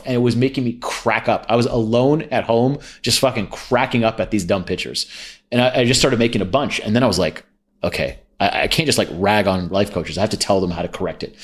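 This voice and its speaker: A young man, a copywriter, talking bluntly in casual chat, swearing freely and quoting himself. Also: medium pitch. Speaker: podcast guest, copywriter.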